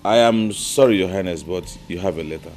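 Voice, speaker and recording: A man's voice: low-pitched, fairly quick, darkish tone, soft background music. An actor with a Nigerian accent playing a nervous, deferential male palace servant who stammers. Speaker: royal servant.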